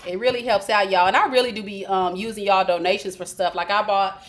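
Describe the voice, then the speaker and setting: A woman's voice: medium pitch, fairly even intonation, fast. A woman giving a live-streamed tarot reading, chatty and informal, talking straight to her viewers. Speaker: tarot reader. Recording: roomy echo with faint hiss.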